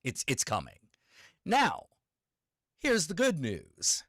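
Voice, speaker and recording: A man co-hosting a casual chat, animated, swinging between loud emphasis and low mutters. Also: takes it slowly, dry recording, studio quality.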